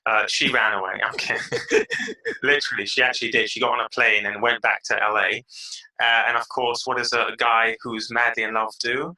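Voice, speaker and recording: Bright-voiced energetic British man. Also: medium pitch, low-quality recording. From England (London). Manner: energetic, animated storytelling. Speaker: podcast guest. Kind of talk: casual interview chat.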